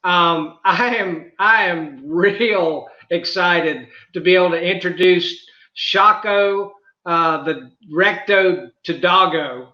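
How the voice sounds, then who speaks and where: A man's voice: high voice, slow pace, few pauses, bright, forceful tone, reverberant, muffled recording. A man with a Southern drawl hosting a podcast interview, speaking folksily with plenty of fillers. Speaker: podcast host. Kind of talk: casual interview.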